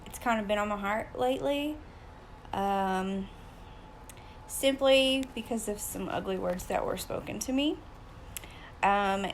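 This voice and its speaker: A woman in her thirties talking straight to her viewers in a personal vlog, hesitant and full of pauses, close to tears. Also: mid-range voice, a little hiss or hum. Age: 30s. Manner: hesitant, many ums, fighting back tears. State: emotional, close to crying. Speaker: vlogger.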